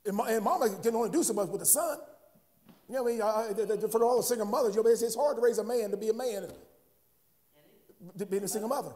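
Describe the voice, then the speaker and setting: High-voiced preaching pastor, calling out. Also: male voice, quick pace, mellow. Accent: American. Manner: repeats words, asks "huh?" to the congregation. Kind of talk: sermon.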